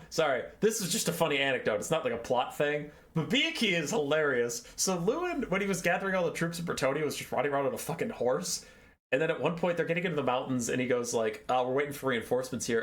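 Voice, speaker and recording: A man giving a casual video game lore recap as host, irreverent and profane, wandering off topic, with big swings in pitch. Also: fairly bright tone.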